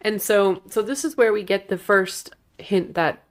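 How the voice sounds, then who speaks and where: A woman's voice: mid-range voice, unhurried. A woman co-hosting a casual film podcast, chatting about the plot in an easygoing way. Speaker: podcast co-host.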